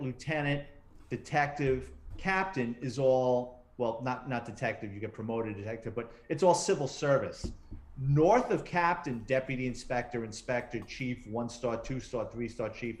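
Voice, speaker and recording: A middle-aged man, a retired detective, telling stories in a casual interview and acting out the voices of people he quotes. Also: medium pitch. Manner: animated, acts out quoted voices. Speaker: retired police detective and author, interview guest. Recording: roomy echo.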